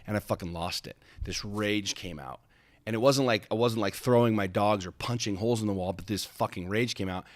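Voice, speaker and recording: A man's voice: fairly low pitch, brisk, no echo. A man hosting a podcast, telling a personal story in an intense, emphatic way, swearing often and restarting his sentences. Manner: intense, emphatic, profane, with frequent repeated starts. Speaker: podcast host.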